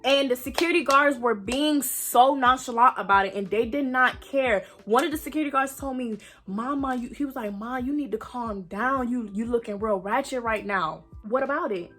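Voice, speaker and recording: Young woman, bright, somewhat high voice; dramatic storytime vlogger who swears a lot. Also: normal speed, few pauses, faint music behind. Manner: dramatic retelling, acts out quotes, swears freely. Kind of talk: animated storytime.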